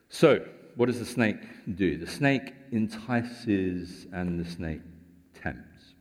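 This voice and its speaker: A man's voice: sits low, lively intonation, takes it slowly, darkish tone. Man preaching a conversational sermon in a hall. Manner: conversational, explaining scripture with rhetorical questions. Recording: long hall reverb.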